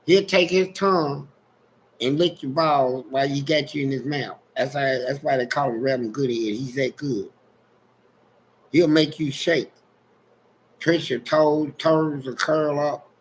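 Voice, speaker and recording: A man's voice: medium pitch, fairly even intonation, a little slow, slight background noise, poor audio. A man telling frank, streetwise stories in a casual livestream chat and laughing along as he goes. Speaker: guest storyteller on a livestream.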